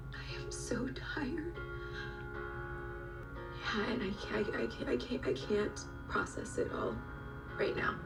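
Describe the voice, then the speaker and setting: An actress playing a weary woman who pleads to be understood, speaking haltingly and from the heart in a TV drama. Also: mid-range voice, close to an everyday voice. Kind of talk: TV drama acting. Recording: distant TV audio under loud music.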